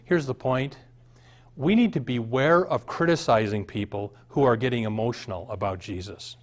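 Pastor, middle-aged man, from the Midwest, sermon, emphatic delivery, mid-pitched voice. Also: moderate pace. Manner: reads aloud then preaches with rising emphasis.

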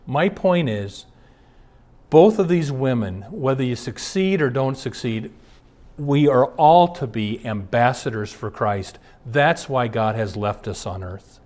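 A man's voice: mid-range voice, animated, unhurried, a little mellow. A man, a pastor, giving an earnest sermon built around personal stories, reading passages aloud and then recounting anecdotes from his ministry. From Twin Cities area.

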